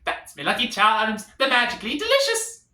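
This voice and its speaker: A man playing a hammy video-game plumber who keeps turning into a stage Irishman. The voice sits high and sounds bright, with a lively swing in pitch. It is recorded in an echoey room. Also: a little fast, exaggerated voice. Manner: exaggerated, loud and overacted.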